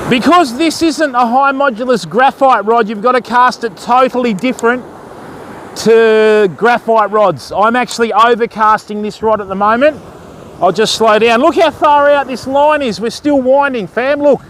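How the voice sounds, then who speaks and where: A man's voice: very high-pitched, normal speed, a bit bright, slight background noise. A man hosting a casual fishing live stream outdoors, chatting to viewers and calling them mate and bud. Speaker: fishing livestream host. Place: outdoors on a stormy beach.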